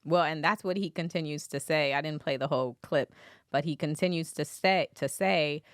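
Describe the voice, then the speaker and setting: A woman with a low voice hosts a podcast, giving casual commentary on a trial. She talks it through in a chatty, thinking-aloud way. The sound is close and dry, with no room echo. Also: moderate pace, clear, resonant tone. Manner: conversational, thinks aloud with fillers. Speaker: podcast host.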